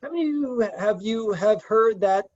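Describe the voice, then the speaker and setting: A man's voice: sits high, expressive, normal speed, a little mellow, dry recording. A man leading a group discussion in a conversational lecture style. He talks hesitantly, with many fillers. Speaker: discussion leader. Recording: dull lo-fi dry sound.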